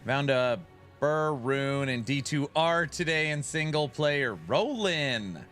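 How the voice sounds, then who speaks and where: A man's voice: fairly high pitch, lively intonation, slow, fairly bright tone, faint music behind. A man hosting his own game live stream in a loose, joking way, greeting viewers in chat by name. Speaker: streamer host.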